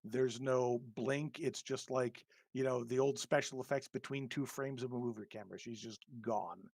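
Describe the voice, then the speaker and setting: A man narrates a tabletop game as its game master, his voice gravelly and rough. He talks in halting bursts with lots of ums and restarts. The sound is dry and close. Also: mid-range voice, fairly even intonation, a little mellow, no room sound.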